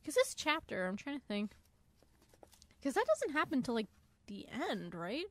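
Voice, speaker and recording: A woman's voice: high-pitched, wildly swooping pitch, moderate pace, fairly bright tone, no room sound. A woman co-hosting a podcast in casual book-discussion chat, easygoing and agreeable, often saying "look" and "like". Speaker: podcast co-host.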